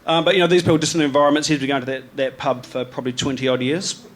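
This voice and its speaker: A man from New Zealand, with a New Zealand accent, rattles rapid-fire through a live talk on his photography slides at an event venue with an audience. His medium-pitched voice barely moves in pitch, and he rambles casually with lots of ums, restarts and slang.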